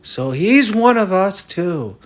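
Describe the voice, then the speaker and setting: A man plays a stubborn, boastful fellow who insists he is Irish. He talks bluntly and swears freely. His voice sits high and swings in lively leaps, with a loud, keyed-up delivery. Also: slow pace, heavily acted. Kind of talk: comic sketch over a fantasy lineup.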